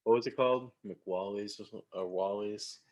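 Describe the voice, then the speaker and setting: Low-voiced man chatting casually. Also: a little fast, darkish tone. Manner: laid-back, laughs along, chimes in. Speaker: podcast co-host. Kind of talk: casual movie review chat.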